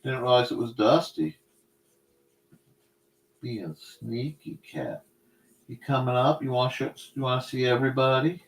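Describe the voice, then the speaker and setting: A man's voice: medium pitch, normal speed, long pauses, a little hiss or hum. A man hosting a casual live stream, chatting while he draws and talking to his cats in a sing-song voice. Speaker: host.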